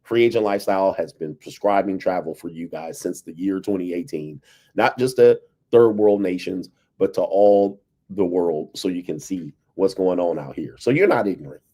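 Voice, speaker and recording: A man's voice: low voice, moderate pace, dark tone. A man hosting a casual livestream, talking loosely to his viewers, laughing often and reading out chat messages. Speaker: livestream host.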